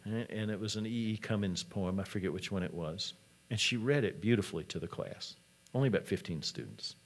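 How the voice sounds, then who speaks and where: A man's voice: lowish voice, fairly quick. A man, a college president, giving a conference talk in a conversational storytelling manner.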